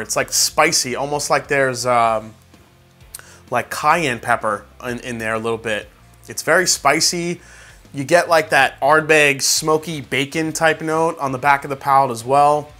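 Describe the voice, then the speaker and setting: With faint soft music underneath, a New York man reviews whiskey in a loose, chatty style, peppering his talk with "like," "uh," and excited reactions. He has a bright, forceful voice that runs a little high for a man.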